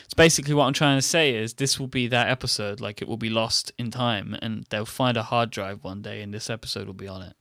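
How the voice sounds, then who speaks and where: A man's voice: on the low side, quick pace, hardly any pauses, fairly bright tone, dry recording, studio quality. Man joking around on a podcast. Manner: joking, teasing, playful exaggeration. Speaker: podcast co-host. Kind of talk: casual banter.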